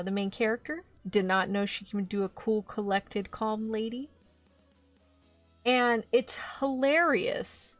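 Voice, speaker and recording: A woman hosting her own channel, casually recapping anime in an animated way, laughing and swearing when she gets indignant. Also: medium pitch, no room sound. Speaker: VTuber host.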